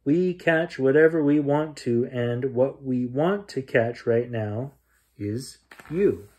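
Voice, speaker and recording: A man reading aloud and voicing sinister sea-ice creatures that snatch children, with slow, menacing questions. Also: medium pitch, animated, darkish tone.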